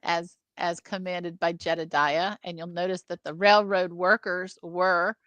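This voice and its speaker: A woman co-hosting a casual film discussion, animated and jumping into movie lines. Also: a little slow, no room sound, muffled recording. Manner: animated, acts out movie lines with sudden pitch jumps. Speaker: film review co-host.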